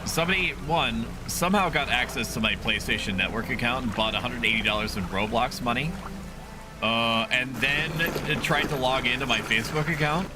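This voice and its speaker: A man's voice: medium pitch, fairly quick. A man streaming a video game, chatting casually with his viewers, rambling through asides and swearing freely. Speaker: VTuber streamer. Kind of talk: casual gameplay livestream chat. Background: game music.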